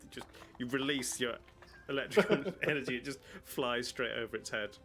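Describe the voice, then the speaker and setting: A man narrating a tabletop role-playing game as dungeon master, relaxed and chuckling, with frequent hesitant fillers. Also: mid-range voice, normal speed. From United Kingdom. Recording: faint music behind. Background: faint music.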